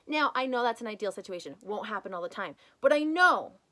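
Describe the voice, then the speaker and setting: A woman's voice: medium pitch, animated, brisk, bright, forceful tone. A woman in her thirties hosting a podcast, giving an emphatic motivational talk on leadership and often acting out people's inner voices. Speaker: podcast host and business coach.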